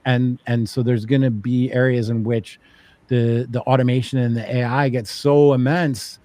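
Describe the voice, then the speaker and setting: A man chats as a podcast guest, working his ideas out aloud with plenty of fillers and false starts. His voice is warm and mellow, and the sound is dry and close. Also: medium pitch, moderate pace, no echo. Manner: animated, thinks aloud with many fillers and restarts; acts out quoted voices for emphasis. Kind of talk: casual conversational chat.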